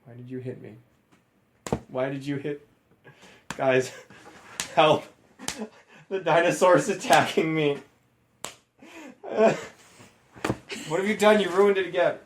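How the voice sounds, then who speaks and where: A man's voice: fairly high pitch, takes it slowly, pauses often, slight background noise. A man co-hosting a comedy podcast, reading a story aloud and breaking in with sarcastic, exasperated asides. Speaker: podcast co-host.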